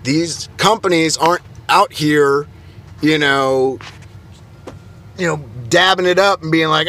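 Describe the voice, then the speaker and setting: A man's voice: on the high side, unhurried, fairly bright tone. A young man, an IT technician, ranting in a flustered, exasperated way and stumbling over his words. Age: young adult. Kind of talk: heated vlog rant.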